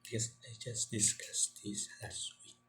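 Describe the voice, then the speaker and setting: A male teacher giving a classroom lecture, halting and repeating words as he quizzes his students. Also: sharp tone, soft background music.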